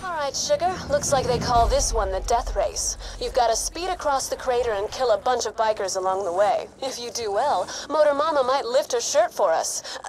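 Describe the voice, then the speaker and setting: A sultry, flirtatious hostess in a video game, teasing and suggestive, her voice pitched a little high, as a woman acts her out. She drawls her briefings with playful innuendo. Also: animated, normal speed, few pauses, a little hiss or hum, natural voice, rough recording.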